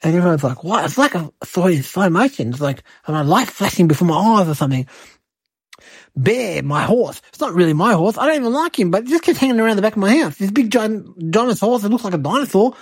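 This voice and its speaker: A woman's voice: mid-range voice, lively intonation, quick pace, a little mellow, husky, no echo. A woman voicing a cheeky eight-year-old boy who hosts and tells rambling, exaggerated tall tales. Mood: excitable. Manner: rambling, breathless, childlike exaggeration. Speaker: host. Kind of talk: comic storytelling monologue.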